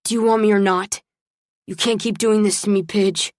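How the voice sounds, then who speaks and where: A woman's voice: mid-range voice, fairly even intonation, normal speed, no room sound, studio quality, close to an everyday voice. A woman voicing a drunk, heartbroken young man. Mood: pleading. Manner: pleading, raw and emotional.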